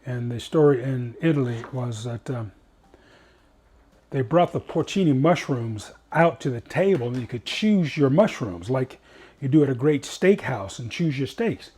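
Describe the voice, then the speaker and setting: A man's voice: mid-range voice, lively intonation, unhurried, darkish tone, slight background noise. A man hosting a cooking show, chatting in an upbeat way with rambling asides as he cooks. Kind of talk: casual cooking demonstration.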